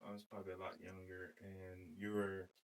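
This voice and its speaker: A man's voice: deep voice, monotone, fairly quick, poor audio. A man interviewing a guest, chiming in briefly in casual conversation.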